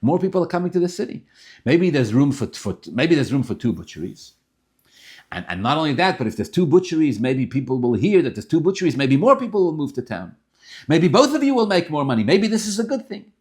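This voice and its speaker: A man's voice: a little high, sing-song, fairly quick, a little mellow. A man doing a patient, wise old rabbi. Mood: reassuring. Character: patient wise older male rabbi, reassuring.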